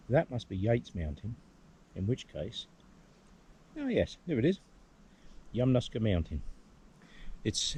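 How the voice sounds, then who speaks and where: A man's voice: on the low side, darkish tone, a little hiss or hum. A man with an English accent musing aloud to the camera as he hikes on a hillside. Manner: rambling, musing aloud with many hums. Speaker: hiking vlogger. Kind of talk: casual outdoor vlog commentary. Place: outdoors on a hillside.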